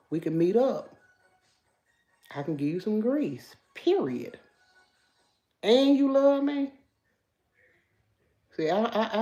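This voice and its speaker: Her voice is lowish and mellow as she hosts a relaxed livestream, chatting and responding out loud to viewer comments. She speaks with a country Memphis Southern accent and comes from Memphis, USA.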